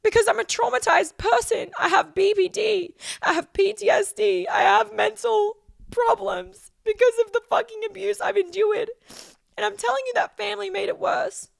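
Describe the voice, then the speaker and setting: Heated woman in her twenties, high and gravelly. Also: fairly even intonation, normal speed, fairly bright tone, no echo, clean studio sound. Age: 20s. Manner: heated, profane, emotional outpouring. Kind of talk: direct-to-camera vlog rant.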